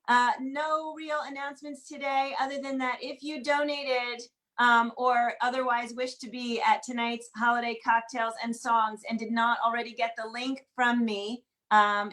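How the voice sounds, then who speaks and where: A woman hosts a video-call singalong in a high voice. She keeps her tone fairly level and even. She greets people in a quick, upbeat roll call. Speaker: host of an online group singalong. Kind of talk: casual welcome and announcements.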